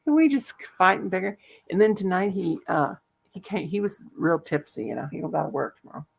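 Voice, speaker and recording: A woman's voice: on the low side, animated, fairly quick, creaky. An older woman vlogger, chatty and salty, telling home stories with frequent laughter. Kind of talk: casual chat, storytelling.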